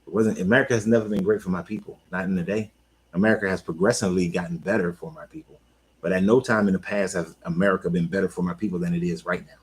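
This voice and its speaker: A man talking casually on his own, an animated coach who repeats himself and talks back to the listener. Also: sits low, fast, breathy edge, rough recording. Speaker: life coach. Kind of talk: casual monologue.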